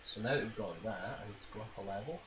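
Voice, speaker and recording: A man's voice: lowish voice, fast talker. A man giving rambling, self-mocking gameplay commentary, swearing often and making silly noises. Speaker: game commentator. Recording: loud background noise.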